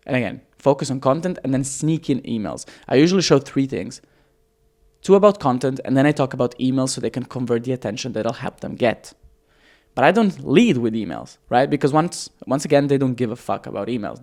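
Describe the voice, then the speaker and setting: A man teaching copywriting on camera in a casual, energetic way, swearing freely and shifting his pace and loudness for emphasis. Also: medium pitch. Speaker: copywriting coach.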